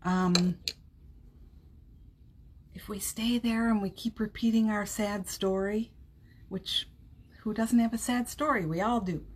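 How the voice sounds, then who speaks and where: A woman hosting a live-streamed motivational podcast from home, chatting warmly, laughing often and reading viewer comments aloud. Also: medium pitch, slow pace, pauses often, a little hiss or hum. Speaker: podcast host. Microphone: streaming setup at home.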